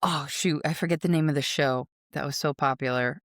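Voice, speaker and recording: A woman's voice: low voice, fairly quick, a bit bright, no room sound, studio quality. A woman hosting a podcast, talking in a chatty, rambling way and laughing easily. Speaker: podcast host. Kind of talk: casual interview chat.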